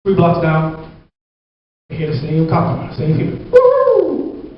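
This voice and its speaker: A man performing a stand-up comedy set, loud, and jumping into high-pitched voices for the people in his jokes. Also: completely flat delivery, moderate pace. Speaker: stand-up comic. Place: comedy club stage. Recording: echoey, dull club recording.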